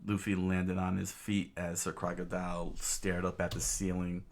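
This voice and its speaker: A man's voice: sits low, monotone, moderate pace. A man casually reading a comic aloud, hesitant, with many fillers and self-corrections. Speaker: reader.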